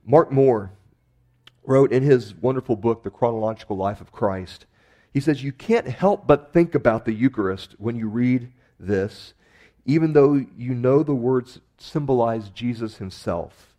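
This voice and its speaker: A male pastor delivers a sermon in a relaxed, conversational way. His voice is mellow and dark, and his pitch sits in the middle. He lifts and presses on key phrases for emphasis. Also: measured pace. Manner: conversational preaching with emphatic rises.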